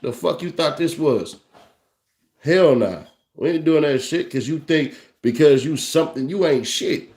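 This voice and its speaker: A man's voice: a little high, animated, unhurried, a little mellow. Brash mocking man ranting in an echoey room. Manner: brash, mocking, laughs often. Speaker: commentary host. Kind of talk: profane rant to camera.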